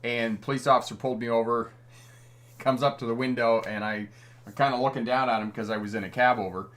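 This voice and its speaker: Hosting a live stream, a middle-aged Canadian man who works as a driving instructor reads viewer comments in a friendly, chatty manner, chuckling a lot. He speaks briskly in a mid-range voice with a steady, fairly bright tone.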